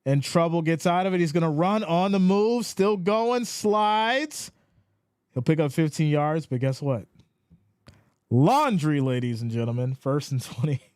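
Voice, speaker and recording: A man hosting a live stream, calling the plays and reading viewer chat in an animated voice. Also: a little slow, smooth, dry recording, studio quality. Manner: animated, rises in pitch when excited. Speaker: live stream play-by-play host. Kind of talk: play-by-play commentary with chat reading.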